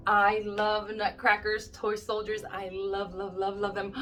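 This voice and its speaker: A woman's voice: mid-range voice, monotone, unhurried, hardly any pauses, a bit bright, faint music behind. A woman vlogging as she opens mail from viewers, gushing and exclaiming, teary-eyed and close to crying. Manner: gushing, exclaims and gasps often. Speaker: YouTube crafter opening friend mail. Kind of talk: casual vlog chat.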